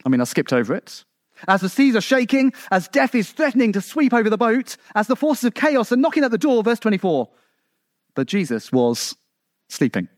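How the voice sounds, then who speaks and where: A man from England preaching a sermon in a conversational way, with rhetorical questions and asides, building to emphatic peaks and then dropping low. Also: very animated, fast, no room sound, studio quality.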